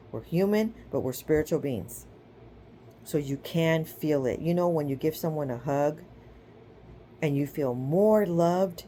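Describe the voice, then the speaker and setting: A woman's voice: sits low, dark tone, slight background noise. A woman giving a casual spiritual teaching, chatty and informal, who retells scripture stories with acted-out quotes and keeps checking in with her listeners. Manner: chatty, checks in with "okay?" and "right?".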